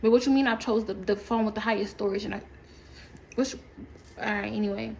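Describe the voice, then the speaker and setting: A woman ranting casually to camera, animated and profane, rambling with laughs along the way. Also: medium pitch, a little fast, creaky, a little hiss or hum, low-quality recording. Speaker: storytime creator.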